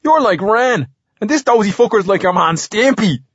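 A man's voice: high-pitched, lively intonation, normal speed, breathy edge, no room sound, voice pushed up. A man voicing a blunt, crude young lad in an audiobook, scornful in how he talks. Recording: slightly dull recording.

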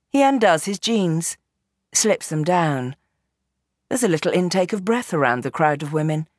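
A woman narrating a novel as an audiobook in an expressive, dramatic reading. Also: deep voice, no echo, studio quality. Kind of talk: scripted narration.

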